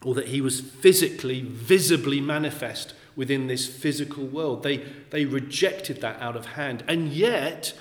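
A man preaching a sermon, talking slowly and deliberately and repeating key phrases for emphasis. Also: mid-range voice. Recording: echoey hall with long reverb.

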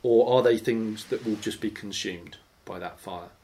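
A man leading a Bible study, teaching in a conversational, animated way. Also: on the low side, measured pace. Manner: conversational, animated, acts out imagined voices. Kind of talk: informal teaching sermon.

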